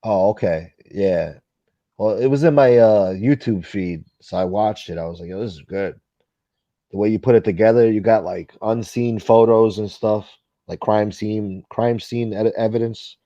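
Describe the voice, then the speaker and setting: A man's voice: lowish voice, moderate pace, warm tone, dry recording. Blunt rambling New man, dull mic. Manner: blunt, rambling, swears freely, mimics others. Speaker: livestream host. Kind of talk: casual livestream chat reading comments.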